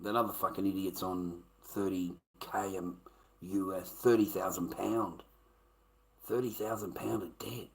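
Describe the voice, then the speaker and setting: A man's voice: deep voice, flat delivery, measured pace, gravelly, poor audio. An Australian man talking casually to his live-stream audience, coarse and emphatic, swearing often.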